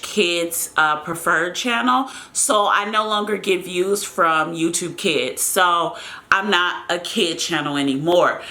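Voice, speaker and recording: Young woman from the US, YouTuber doing a Q&A, casual and rambling, bright timbre. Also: medium pitch. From United States. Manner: chatty, rambling, addresses viewers as y'all. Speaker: YouTuber answering viewer questions. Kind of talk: casual Q&A vlog.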